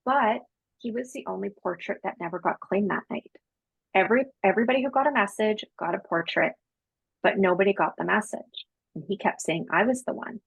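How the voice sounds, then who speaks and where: A woman with a husky, fry-laden voice tells her story to an interviewer in a loose, slangy way, acting out what people said. The sound is dry and close, with no room around it. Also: medium pitch, fairly quick, no room sound, poor audio. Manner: animated, chatty, slangy, acts out dialogue. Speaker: podcast guest, psychic medium.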